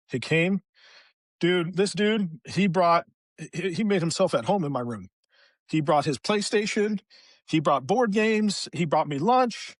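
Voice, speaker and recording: A man's voice: fairly high pitch, animated, moderate pace, no echo. A middle-aged man, a veteran guest on a podcast, candidly recounting a hard personal story, raw and emotional, swearing freely.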